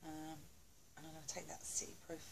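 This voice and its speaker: A woman talks through a beauty haul from her home, chatty and full of gushing asides. Her voice sits low with a gravelly edge. A faint hiss of noise sits behind the recording. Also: monotone, brisk. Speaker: beauty vlogger. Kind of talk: casual haul review.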